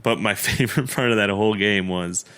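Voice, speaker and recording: A man's voice: on the low side, a little fast, a bit bright, smooth. A young adult man co-hosting a podcast, telling stories in loose, slangy casual chat and laughing often. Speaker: podcast co-host.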